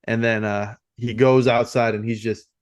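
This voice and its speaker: A man's voice: medium pitch, little pitch movement, moderate pace. A man co-hosting a film podcast, talking casually and rambling with many fillers and restarts. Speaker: podcast co-host.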